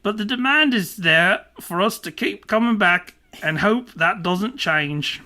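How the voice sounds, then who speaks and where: A man's voice: high voice, expressive, a little slow, pushed and bright, full character voice. A man reading an interview aloud as a male music interviewer, in a bad put-on Australian accent. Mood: goofy.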